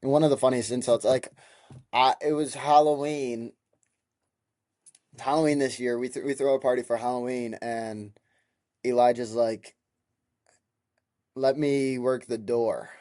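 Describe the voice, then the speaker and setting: Heated profane young man, mellow voice. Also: mid-range voice, moderate pace, long pauses, no room sound, studio quality. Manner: heated, profane, animated retelling. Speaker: podcast host. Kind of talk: casual storytelling monologue.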